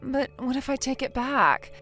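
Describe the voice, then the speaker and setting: A whiny, naive young wife, voiced by a synthetic woman, hesitant and pleading as she makes excuses. Her voice sits a little high, and faint music runs under the text-message story. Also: animated, moderate pace, pushed and bright, full character voice. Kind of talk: text-to-speech text story narration.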